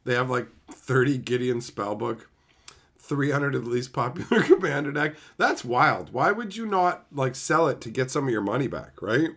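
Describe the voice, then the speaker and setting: A male streamer from Canada talks loosely with his viewers, his pitch swinging up and down a lot. He curses freely, gets excitable and laughs often while answering chat. His voice sits at an ordinary middle pitch. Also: normal speed. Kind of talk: casual livestream chat.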